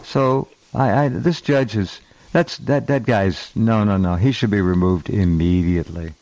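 A man's voice: lowish voice, unhurried, a little mellow, no echo, lo-fi sound. Blunt, opinionated talk radio host, man. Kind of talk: casual talk radio chat.

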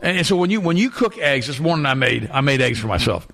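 Fast-talking gravelly man telling a story. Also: mid-range voice, big-room sound. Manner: animated storyteller, repeats words when excited. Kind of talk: casual chat, telling an anecdote.

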